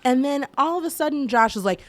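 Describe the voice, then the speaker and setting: A woman co-hosting a podcast in casual chat, chatty and quick to laugh. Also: sits high, animated, a bit bright, dry recording. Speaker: podcast co-host.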